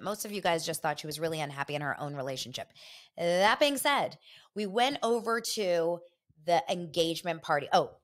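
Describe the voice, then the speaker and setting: A woman hosting a podcast, gossiping in a chatty, animated and opinionated way. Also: lowish voice, normal speed. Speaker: podcast host. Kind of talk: casual gossip chat.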